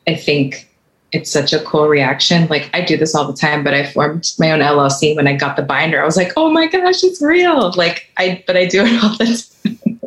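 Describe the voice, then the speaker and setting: A woman's voice: low voice, a little fast, low-quality recording. A woman attorney who is a guest on a podcast, chatting frankly and casually with lots of fillers. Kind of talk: casual interview chat.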